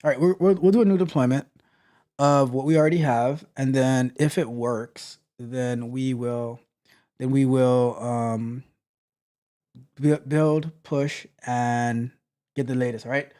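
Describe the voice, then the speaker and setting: A man coaching on tech during a live coding walkthrough, thinking aloud with halting restarts and trailing off. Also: medium pitch, fairly even intonation, mellow.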